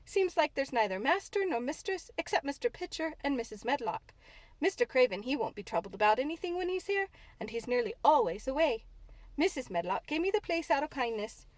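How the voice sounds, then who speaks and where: A woman's voice: sits high, big pitch swings, a little fast, no echo. A woman voicing a young, chatty, good-natured housemaid with a broad Yorkshire accent. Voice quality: broad dialect, homely and frank.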